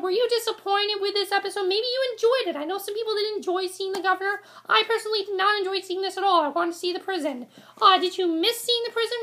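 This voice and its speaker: A woman's voice: extremely high pitch, fairly bright tone. A woman giving a casual, exasperated review rant to camera, rambling and repeating herself. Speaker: vlogger reviewing a TV episode.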